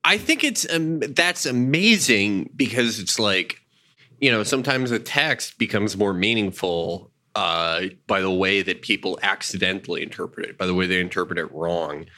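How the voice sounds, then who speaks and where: A man's voice: lowish voice, animated, moderate pace, bright, forceful tone. A man in casual conversation, talking animatedly about old stories, swearing freely and acting out quotes. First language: Jewish identity not a language. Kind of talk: casual chat.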